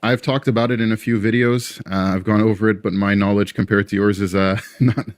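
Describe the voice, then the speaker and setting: A man with a deep, low voice hosts an interview over a video call. He speaks to his guest with hesitant deference. The sound is dry and close, with no room echo. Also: little pitch movement, a little fast. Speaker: interview host.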